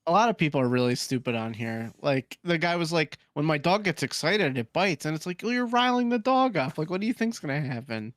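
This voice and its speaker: A man's voice: fairly high pitch, expressive, a little fast, hardly any pauses, no echo, clean studio sound. A man hosting a casual gaming podcast, reading forum posts aloud with laughing asides. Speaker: podcast host.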